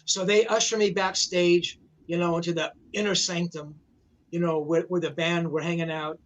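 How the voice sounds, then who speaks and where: A man's voice: on the high side, flat delivery, moderate pace. A man in his sixties, a rock journalist, telling a long rambling anecdote in a casual way, full of "you know, man" fillers, over a video call.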